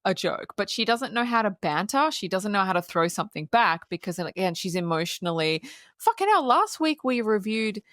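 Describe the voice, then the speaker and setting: A woman's voice: mid-range voice, big pitch swings, normal speed, fairly bright tone, no room sound, clean studio sound. Swearing, laughing woman podcast host. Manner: swears freely, acts out quotes, laughs often. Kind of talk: casual film review chat.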